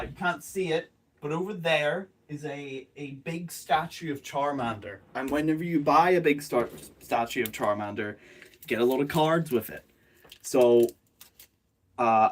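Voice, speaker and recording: A man chatting casually on a live stream from his bedroom, self-mocking, jokey and rambling, speaking into a phone rather than a proper microphone. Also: mid-range voice. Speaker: streamer and animator. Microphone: phone, not a proper microphone.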